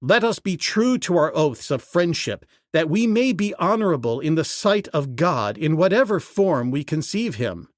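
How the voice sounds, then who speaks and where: A man's voice: on the high side, very animated, moderate pace, hardly any pauses, no room sound, clean studio sound. A male audiobook narrator voicing a commanding jungle hero who keeps the peace, firm in manner.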